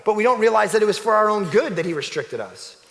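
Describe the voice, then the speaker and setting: Animated pastor preaching in a reverberant hall. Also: male voice, high voice, fast talker, creaky. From Canada. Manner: animated, shifts from loud exclamations to hushed emphasis. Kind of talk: sermon. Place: church sanctuary.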